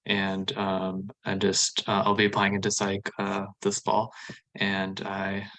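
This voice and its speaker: A man's voice: low voice, monotone, takes it slowly, a bit bright. A medical student man in his twenties introducing himself hesitantly on a video call. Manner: hesitant, many fillers.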